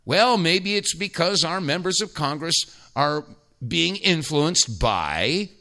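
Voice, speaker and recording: A man's voice: on the high side, lively intonation, slow, gravelly, bright, forceful tone. A man hosting a talk radio show, emphatic and sarcastic, rambling with many restarts.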